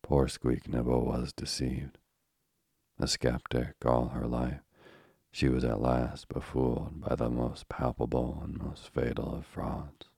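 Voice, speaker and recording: Very deep, gravelly male storyteller. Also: little pitch movement, a little mellow, dry recording, clean studio sound. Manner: measured, old-fashioned storytelling. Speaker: narrator. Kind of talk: storybook reading.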